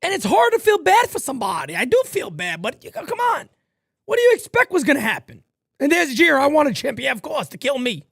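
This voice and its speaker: A man's voice: very high voice, a little fast, gravelly, dry recording, clean studio sound. A male livestream host calling a baseball game as fan play-by-play, rambling between tangents in a loose, profane way. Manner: animated, rambling, swears casually. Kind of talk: live fan play-by-play commentary.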